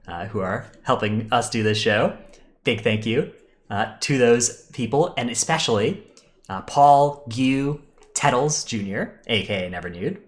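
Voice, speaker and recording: A man's voice: lowish voice, fairly bright tone. A man co-hosting a live-streamed gaming podcast in casual chat, talking easily with many fillers and restarts. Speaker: podcast co-host.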